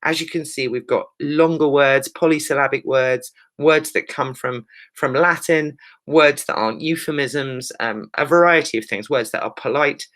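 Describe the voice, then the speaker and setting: A woman teacher talks her pupils through a revision lesson with a bright, sharp-edged voice. She is brisk and emphatic, and often checks in with "right?" along the way. She drops in playful, teasing asides. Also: deep voice. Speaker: secondary school English teacher.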